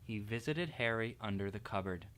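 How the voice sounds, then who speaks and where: A man, an art teacher, reading a children's storybook aloud in an expressive, playful way. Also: lowish voice, moderate pace.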